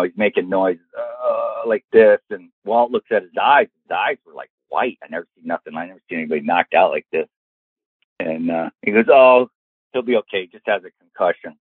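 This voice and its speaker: Husky man telling a story over a tinny line. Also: lowish voice, no room sound. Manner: animated, acts out quoted voices. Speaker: storyteller guest. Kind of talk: casual anecdote telling. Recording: tinny phone-like sound.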